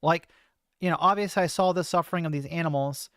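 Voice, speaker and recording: A woman's voice: lowish voice, quick pace, fairly bright tone, dry recording. A trans woman streamer talking in a casual, hesitant monologue, full of fillers and restarts, into a close desk mic. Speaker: streamer host.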